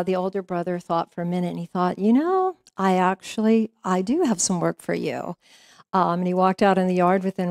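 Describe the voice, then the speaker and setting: A woman's voice: on the low side, creaky, no room sound, studio quality. Woman minister telling a story from the pulpit. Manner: warm conversational storytelling with frequent fillers and laughs. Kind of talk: sermon with storytelling. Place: church sanctuary.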